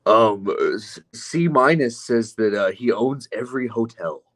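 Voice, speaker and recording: A man's voice: mid-range voice, a little slow, fairly bright tone. A man streaming live, reading chat comments aloud and answering them with sardonic, profane mockery. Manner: sardonic, mocking, profane asides.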